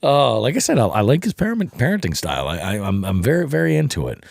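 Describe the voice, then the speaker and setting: A man hosting a podcast in casual chat, enthusiastic and quick to laugh. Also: medium pitch, wildly swooping pitch, gravelly, darkish tone, no echo, clean studio sound. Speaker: podcast host. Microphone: studio dynamic mic.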